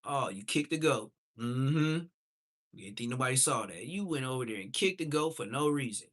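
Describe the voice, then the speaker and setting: Rambling, animated comic vlogger man. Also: mid-range voice, moderate pace. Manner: rambling, animated, slips into quoted voices. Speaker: comedic vlogger. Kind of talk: casual comic rant.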